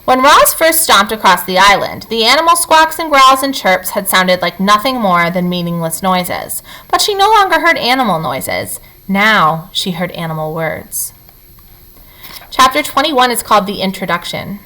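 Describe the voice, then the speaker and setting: A woman reads a children's book aloud with animated expression. Her voice is bright and clear, rising and falling freely to keep the story lively. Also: mid-range voice, normal speed, poor audio. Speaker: reader.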